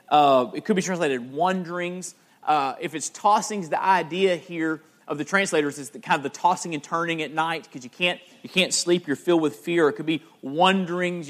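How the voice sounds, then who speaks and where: A man preaching a sermon as pastor, earnest and emphatic, often repeating words as he presses a point. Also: high voice.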